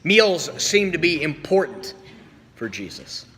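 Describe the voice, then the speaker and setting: Slow-spoken pastor preaching in a reverberant church. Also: male voice, a little high, very animated, a bit bright. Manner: storytelling with acted quotes, slow pauses. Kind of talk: sermon. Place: church sanctuary.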